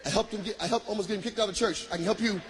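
Male stand-up comic from Michigan, very high voice, shouts the punchlines, noisy live room. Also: steady tone, very fast. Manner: loud, shouting punchlines, laughing through bits. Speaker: stand-up comedian. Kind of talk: stand-up comedy.

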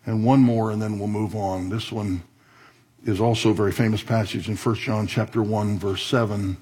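Husky-voiced male pastor preaching. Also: lowish voice, fairly even intonation, moderate pace, darkish tone. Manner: conversational preaching with wry asides; reads scripture aloud then comments on it. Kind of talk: sermon.

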